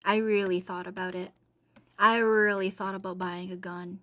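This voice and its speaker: A woman's voice: mid-range voice, level tone, normal speed, fairly bright tone. A woman streamer in casual chat, reading and answering chat, playful and rambling with frequent giggles.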